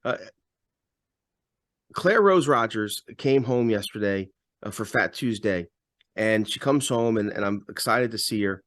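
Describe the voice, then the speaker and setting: A man's voice: on the low side, lively intonation, a little slow, long pauses, fairly bright tone, dry recording, studio quality. Emphatic male talk-show co-host. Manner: emphatic, repeats words when building a point. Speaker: radio host and podcast co-host. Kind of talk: casual political talk.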